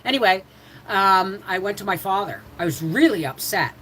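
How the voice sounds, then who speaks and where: The chatty middle-aged woman running this home livestream spins digressive stories, jumping around and returning to earlier threads, restarting frequently and addressing her audience. Her voice is medium-pitched, bright and forceful at a normal speed. The audio is poor and slightly rough.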